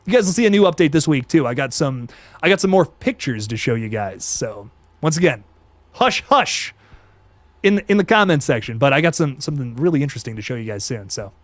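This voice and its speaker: A young man hosting a casual live stream, reading chat and reacting with excitable slang and quick restarts. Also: mid-range voice, dry recording. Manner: excitable, laid-back slang, frequent laughs and restarts.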